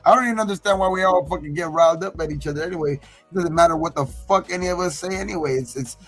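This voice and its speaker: Slightly high man venting about his team. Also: fast, a bit bright, soft background music. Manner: filler-heavy, frustrated, says "you know what I mean". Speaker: podcast co-host. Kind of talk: casual sports talk.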